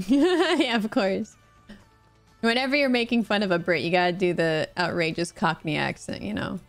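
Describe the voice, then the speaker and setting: A woman's voice: medium pitch, normal speed, soft background music. A woman streaming a party game, chatting with friends in a jokey, giggly way. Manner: giggly, jokey, breaks into mock voices. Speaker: streamer host. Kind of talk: casual game chat on voice call.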